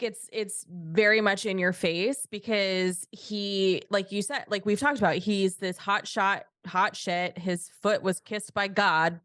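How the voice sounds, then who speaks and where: Animated woman podcast host, dry sound. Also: mid-range voice, no echo. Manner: animated, swears freely, acts out quotes. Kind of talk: casual chat.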